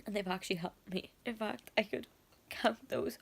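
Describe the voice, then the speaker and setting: A woman's voice: medium pitch, normal speed, vocal fry, breathy edge. A young woman talking emotionally in a casual vlog, rambling with lots of fillers and slipping into half-whispered asides. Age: young adult. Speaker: vlogger.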